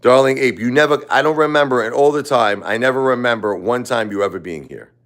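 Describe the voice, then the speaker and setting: Brisk and a bit bright, the mid-range voice belongs to a grieving man hosting a livestream. He rambles with emotion, says the same phrases again and again, and lets out chuckles between his lines.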